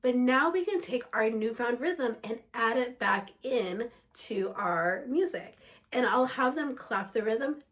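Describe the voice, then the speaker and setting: A woman music teacher walking other teachers through a lesson plan in an explanatory, steady way, slightly under the weather. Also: fairly high pitch, a little slow. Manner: explanatory, steady, breaks into short sung examples.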